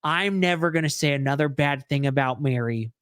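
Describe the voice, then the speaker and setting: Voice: medium pitch, brisk, fairly bright tone, clean tone. A podcast co-host in casual chat, sarcastic and profane, who mimics others mid-story. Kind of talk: casual chat recapping a reality show.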